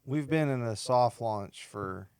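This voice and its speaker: A man co-hosting a podcast, joking and chiming in with relaxed quips. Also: mid-range voice, slow, smooth. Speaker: podcast co-host. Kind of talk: casual chat.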